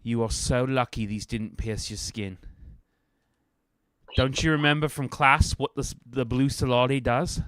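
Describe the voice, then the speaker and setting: A man's voice: medium pitch, fairly even intonation, a bit bright, clean tone, dry recording, natural voice. A man voicing an exasperated, fussy young woman student in a tabletop game. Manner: exasperated, fast. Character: flustered female student, fussy and alarmed.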